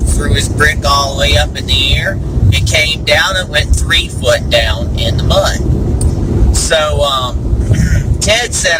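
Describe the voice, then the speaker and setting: A man's voice: on the high side, measured pace, heavy background noise. A man hosting a show, telling jokes in a rambling, folksy way with many fillers. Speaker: host. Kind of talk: casual joke-telling.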